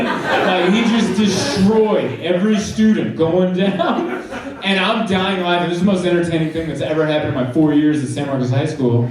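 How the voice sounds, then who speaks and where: A male stand-up comedian tells his story with animated energy, slightly high in pitch. The sound is heavily echoing, caught from a distance off the stage. An audience laughs and reacts behind him. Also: normal speed, a loud crowd. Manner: animated storytelling, acting out scenes.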